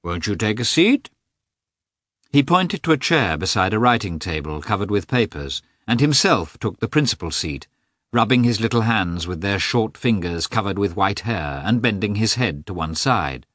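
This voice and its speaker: A man narrating a classic novel with an expressive, scripted delivery. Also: fairly low pitch, husky, dry recording, clean studio sound. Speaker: audiobook narrator.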